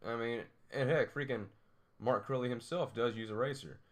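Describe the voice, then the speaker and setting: A young man speaks at normal speed and medium pitch as he hosts a drawing tutorial. He sketches while rambling to himself, with frequent laughter and self-deprecating jabs at his drawing.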